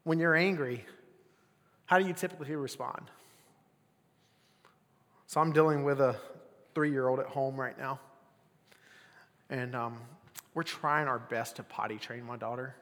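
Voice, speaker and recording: A young adult man preaching a casual sermon as pastor, swinging between loud bursts and near-whispers. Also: mid-range voice, measured pace, pauses often, long reverb tail.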